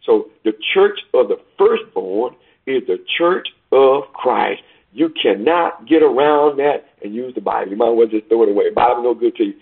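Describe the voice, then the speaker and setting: Man, sermon, gravelly voice, tinny phone-like sound, scripture reading with emphatic swells. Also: medium pitch, lively intonation, moderate pace. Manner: reads scripture aloud, then explains it with emphatic swells and hushed asides. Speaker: preacher.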